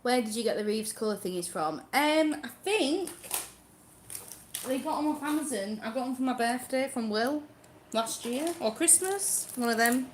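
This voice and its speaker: A woman's voice: fairly high pitch, expressive, moderate pace, slight background noise. A chatty young woman, giggling as she reads viewer comments aloud during a casual live stream from home.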